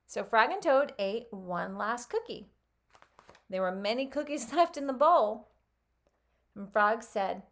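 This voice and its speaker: A health coach reading a children's story aloud and then commenting on it in an animated way, with frequent laughs. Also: female voice, on the high side, slow pace, long pauses.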